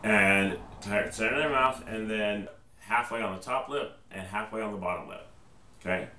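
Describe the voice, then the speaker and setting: Fairly low-pitched, bright, and forceful, a male band teacher talks at a normal speed through a patient trumpet tutorial, pausing after every step to ask "okay?" The audio is distant and echoey, with a faint background hiss.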